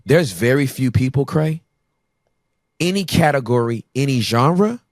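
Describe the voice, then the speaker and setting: A man's voice: medium pitch, expressive, a little slow, no echo, clean studio sound. A man guesting on a podcast, talking in a playful, emphatic way in casual conversation. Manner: playful, emphatic talker who acts out voices.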